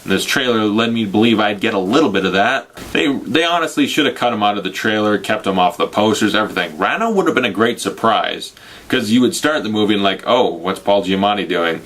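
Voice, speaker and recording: A young man talks through a film review in a casual, ranting way, slipping into mocking quoted voices. His voice sits somewhat low. He swears freely and keeps a sarcastic edge throughout. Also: animated, fast, fairly bright tone. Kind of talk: casual spoiler review rant.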